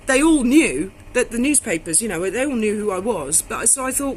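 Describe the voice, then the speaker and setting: A woman's voice: medium pitch, normal speed, a little hiss or hum, rough recording. Blunt, swearing woman telling stories. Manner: blunt, swears freely, animated storyteller. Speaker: vlogger. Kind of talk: casual storytelling to camera.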